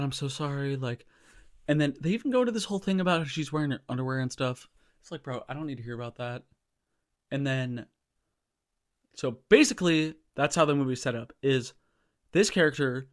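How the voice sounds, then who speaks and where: A man's voice: a little high, no echo, clean studio sound. A man ranting casually about a movie to his viewers, exasperated and profane, rambling with lots of fillers and calls of "guys". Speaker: vlogger reviewing a movie. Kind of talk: casual rant to camera.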